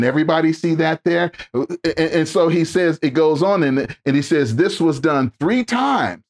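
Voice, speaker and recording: Animated male pastor preaching a sermon. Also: moderate pace. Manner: animated preaching, acts out quoted voices with rising pitch; repeats words and restarts, calls out to the congregation.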